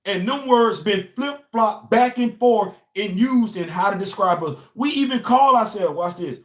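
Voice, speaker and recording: A young American man hosts an impassioned monologue in an echoey room, his high-pitched voice moving with lively intonation at a measured pace. He's emphatic and preachy, repeating his key lines.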